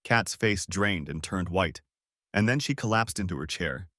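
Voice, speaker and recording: A man's voice: on the low side, expressive, moderate pace, pushed and bright, no room sound, clean studio sound. A man narrating a first-person revenge story in a dramatic, sarcastic storytelling manner. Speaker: audiobook narrator.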